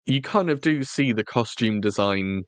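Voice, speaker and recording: A man's voice: fairly low pitch, animated, moderate pace, no room sound. A man co-hosting a casual review podcast, chatty and jokey, with frequent restarts. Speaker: podcast co-host. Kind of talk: casual chat.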